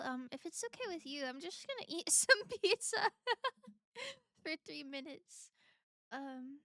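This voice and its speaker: A woman streamer chats casually with her viewers and laughs a lot. Her voice is high and bright, and she talks at an easy, unhurried pace. The sound is dry and close. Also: dry recording. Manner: giggly, chatty, talks while eating.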